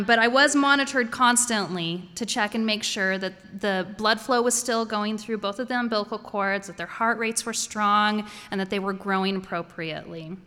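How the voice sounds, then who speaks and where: A woman's voice: fairly high pitch, sharp tone, clean tone. A woman telling a personal story before an audience, conversational and wryly humorous. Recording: echoey hall.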